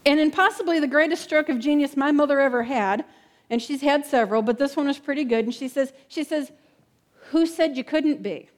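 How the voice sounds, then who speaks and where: A woman pastor delivers a heartfelt sermon in a church. Her voice sits high, and she leans on repeated words and asks "right?" to pull the room in. On tender lines she slows down and goes quiet. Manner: drops soft and slow on emotional lines.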